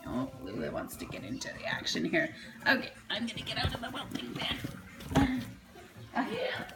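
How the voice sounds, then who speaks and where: A woman's voice: on the high side, very animated, moderate pace, vocal fry, heavy background noise. A woman breeder chatting to her puppies in cooing baby talk, laughing often, indoors at a whelping pen. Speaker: dog breeder. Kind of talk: casual vlog narration.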